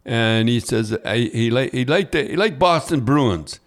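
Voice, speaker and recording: A man's voice: medium pitch, animated, measured pace. An older man, hosting a casual podcast chat and rambling through anecdotes with chuckles. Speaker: podcast host.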